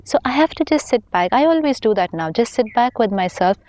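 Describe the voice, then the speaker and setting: A woman with an Indian English accent, a spiritual teacher calmly explaining ideas in a conversational talk, sometimes acting out inner dialogue. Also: fairly high pitch, a little fast, a little hiss or hum.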